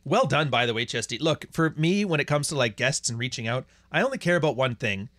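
Clean studio sound with no echo carries this livestream host's medium-pitched, animated, fairly bright voice at a brisk pace. Between reading viewers' chats, he rants crudely and bluntly, with plenty of profanity.

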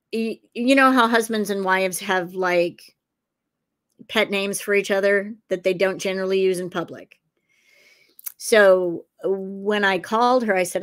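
Her voice sits in a middle register. She is a woman guest on a video call who tells her case stories loosely. She drifts between asides and fillers, then picks the thread back up. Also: medium pitch. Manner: rambling, circling back with fillers. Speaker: psychic detective and author. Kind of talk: casual interview storytelling.

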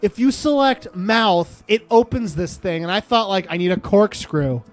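A man hosting a casual gaming chat, excitable and teasing, with plenty of swearing. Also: high voice, normal speed. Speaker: host.

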